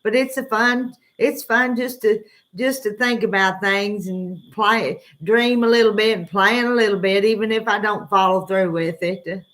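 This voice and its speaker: A woman's voice: mid-range voice, a little slow, fairly bright tone. A woman with a Southern US accent hosting an early-morning livestream, rambling in a laid-back way and greeting her viewers by name. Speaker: livestream host. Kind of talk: casual livestream chat.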